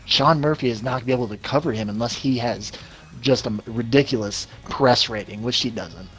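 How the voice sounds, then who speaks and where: A man's voice: medium pitch, a little fast, a bit bright. A man doing color commentary for a video football game, breaking down coverage and matchups on a cheap microphone. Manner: analytical, explains coverage and matchups.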